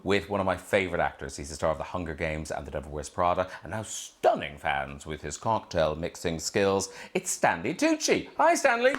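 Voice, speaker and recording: A man's voice: low-pitched, wildly swooping pitch, a little fast, hardly any pauses. A male talk show host with a wry, quipping delivery, doing a joking monologue and then interviewing a guest over a video call.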